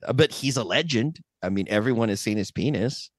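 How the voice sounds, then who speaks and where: Animated, swearing male podcast guest. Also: mid-range voice, brisk, dry recording. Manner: profane, animated storytelling. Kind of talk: casual podcast chat.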